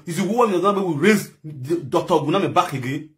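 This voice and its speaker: A man's voice: fairly high pitch, racing. A man from Edo State with a Nigerian accent, delivering a heated, scolding online rant that switches between pidgin and a local language. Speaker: social media commentator.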